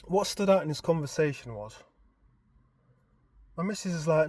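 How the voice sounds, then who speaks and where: A man, casually retelling a story in an animated, expressive way. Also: on the high side, moderate pace, long pauses, no echo. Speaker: vlogger.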